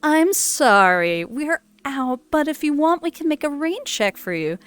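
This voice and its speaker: A woman putting on the voice of an overly polite female customer service rep, calm and scripted. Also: high voice, unhurried, no echo, voice pushed up, full character voice. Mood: sugary polite. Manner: sweet, calming, scripted politeness.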